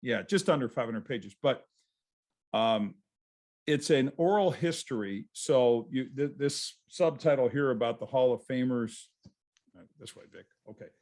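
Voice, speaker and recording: A man's voice: medium pitch, unhurried, a little mellow. A man, a guest author, telling stories in a casual interview over a video call, rambling and restarting his sentences.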